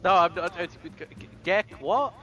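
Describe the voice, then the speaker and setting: A man's voice: sits high, normal speed, crowd noise. A man reacting with exclamations during a card game stream. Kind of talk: casual gaming chat.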